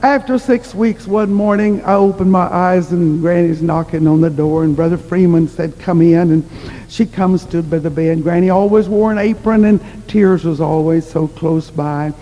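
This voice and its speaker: A woman's voice: on the low side, moderate pace, mellow, muffled recording. A woman preacher telling a humorous story in a sermon, chatty and self-mocking, often laughing at herself. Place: church hall. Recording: long reverb in a large hall.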